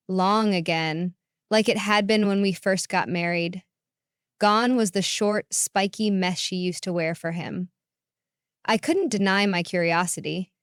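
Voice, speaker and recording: A woman narrating a first-person story in a calm, reflective way. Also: medium pitch, clear, resonant tone, dry recording, clean studio sound.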